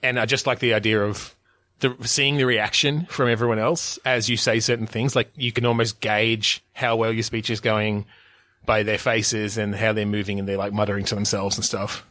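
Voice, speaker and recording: A man's voice: lowish voice, level tone, moderate pace, pushed and bright, no room sound. A man co-hosting a podcast in casual chat, rambling with many fillers and restarts and laughing often. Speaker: podcast co-host.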